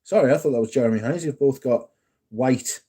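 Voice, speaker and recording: Speaking a little fast, a young livestream host chats playfully and reads out viewer messages. His voice is medium in pitch, warm, and slightly breathy.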